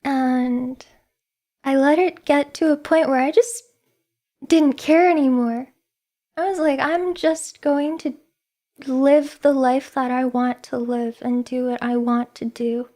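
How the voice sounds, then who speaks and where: A woman VTuber talks casually to her stream in a high voice, taking her time over the words. She giggles often and pokes fun at herself. Her nerves show and her hands are shaking. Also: fairly even intonation, slow, dark tone. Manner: giggly, emotional, self-deprecating. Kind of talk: casual livestream chat.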